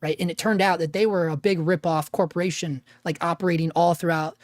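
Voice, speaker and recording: A man hosting a casual livestream, rambling with restarts and dropping "man" and "dude", his voice gravelly after an illness. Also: on the high side, fairly even intonation, a little fast, no echo, clean studio sound. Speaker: livestream host and freelance videographer.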